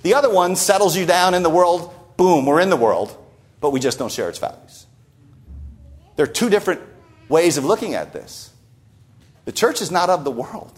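A man's voice: high-pitched, lively intonation, moderate pace, long pauses. A man preaching a sermon, teaching from a Bible passage with emphatic stresses and rhetorical asides.

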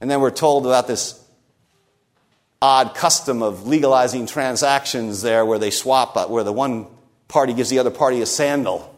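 A man's voice: mid-range voice, moderate pace. A man preaching a conversational sermon, explaining the text with wry humor and rhetorical "right?" check-ins. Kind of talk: expository sermon.

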